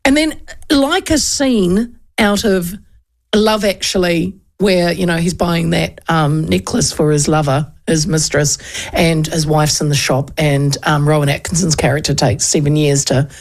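A woman with a New Zealand accent, a radio host telling a chatty, animated story and putting on voices for the people in it. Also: low voice, measured pace. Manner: animated, chatty, acts out voices in her stories. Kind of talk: casual storytelling chat.

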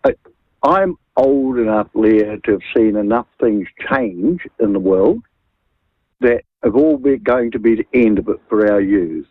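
An older man rings in to talkback radio, opinionated and animated, tripping over repeated words. His husky voice swings lively in pitch, and the thin phone line comes through dry and close. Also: unhurried, no echo. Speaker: radio caller.

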